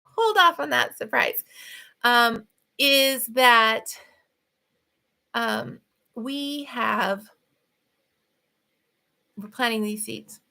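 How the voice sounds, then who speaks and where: A middle-aged woman hosting a casual spiritual talk, talking fast and animated, laughing often. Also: vocal fry. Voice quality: voice runs high. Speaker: author and podcast host.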